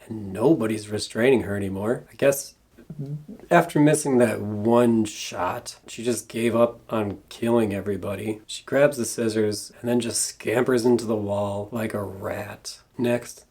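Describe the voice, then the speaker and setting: Male reviewer, slightly low voice, dry sarcastic scene-by-scene recap narration. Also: steady tone, unhurried, a little mellow, husky. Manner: dry, sarcastic plot retelling. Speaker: film reviewer. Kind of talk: comedic movie recap narration.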